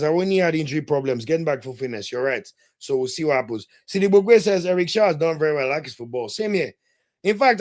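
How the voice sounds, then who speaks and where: Young guy hosting a live football stream, fired up, ranting at comments. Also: a little high. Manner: animated, indignant, ranting with laughs. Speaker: podcast host. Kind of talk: live watch-along commentary, reading viewer comments.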